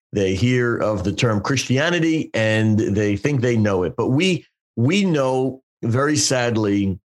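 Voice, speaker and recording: A male podcast host who speaks in a pastoral, affirming way. He frames long questions for his guest and praises him before asking. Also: mid-range voice. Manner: warm, affirming, asks long framing questions.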